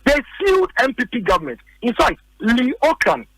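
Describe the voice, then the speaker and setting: Emphatic Ghanaian man, high voice. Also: huge pitch swings, normal speed, fairly bright tone, no echo, rough recording. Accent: Ghanaian English. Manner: emphatic, repeats points, rhetorical questions. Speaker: political commentator. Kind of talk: heated political argument on radio.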